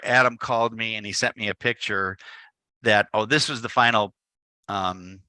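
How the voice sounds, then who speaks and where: A man's voice: on the low side, no room sound. A man from the Chicago area, a photographer giving a talk to a live audience, telling a story and acting out the dialogue. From Chicago area, United States. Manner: lively storyteller who acts out the dialogue. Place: indoor event space.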